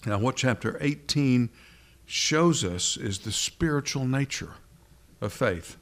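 A middle-aged man preaching a sermon, reading scripture and asking his listeners questions, slowing down on key words. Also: medium pitch, lively intonation. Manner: deliberate, asks the congregation questions, slows down for emphasis.

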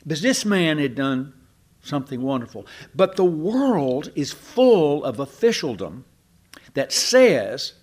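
An older man preaching a sermon, his voice sitting a little high and swinging widely as he tells stories. He breaks off into asides and restarts his sentences, building to emphatic points. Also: big pitch swings, slow pace, darkish tone.

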